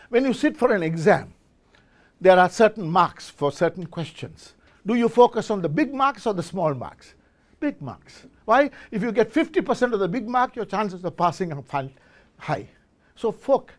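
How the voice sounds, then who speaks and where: A man's voice: sits high, darkish tone. A middle-aged man giving a motivational business talk to a live audience, quizzing listeners and often restarting his words. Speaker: speaker at a business forum. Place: event hall with a live audience.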